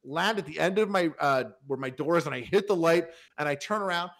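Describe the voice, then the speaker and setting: A man's voice: a little high, brisk, creaky, fairly bright tone. Rambling young man telling a story. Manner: rambling, lots of fillers and restarts. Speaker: podcast host. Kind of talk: casual storytelling.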